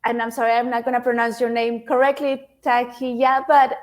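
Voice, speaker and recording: High-pitched woman, non-native English speaker, chatty motivational speaker who repeats herself and keeps checking in with listeners. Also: level tone, moderate pace. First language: not English. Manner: chatty, repeats words, speaks to the audience directly. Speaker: speaker giving a self-help talk. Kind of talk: interactive motivational talk.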